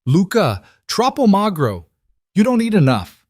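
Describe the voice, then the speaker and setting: A man's voice: high-pitched, huge pitch swings, a little slow, darkish tone, no echo, clean studio sound, voice pushed up, exaggerated voice. A man voicing an older Italian woman who runs a restaurant, bossy and teasing, in an audiobook reading. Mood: scolding. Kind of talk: audiobook character voice.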